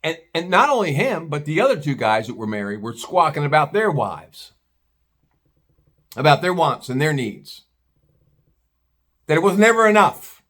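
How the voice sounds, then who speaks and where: A man's voice: fairly high pitch, very animated, normal speed, a bit bright. A middle-aged American man telling a rambling personal story in casual talk, blunt and swearing freely. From United States. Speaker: vlogger.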